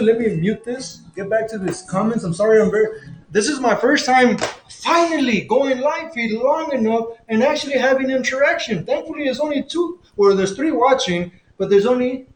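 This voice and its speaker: Male livestream host, high voice, loose rambling chat, echoey room. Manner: rambling, self-correcting, chatty. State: drinking a beer.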